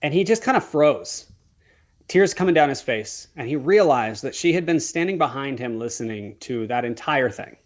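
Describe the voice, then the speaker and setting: A man's voice: medium pitch, animated, moderate pace. A man, a wedding photographer, telling a heartfelt story as a podcast guest, earnestly acting out the dialogue he quotes.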